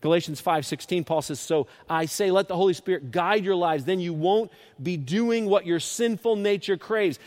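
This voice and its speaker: A man's voice: normal speed, few pauses. Impassioned male pastor preaching. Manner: impassioned, rising to loud peaks then dropping soft and low; repeats and restarts words often. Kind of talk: sermon.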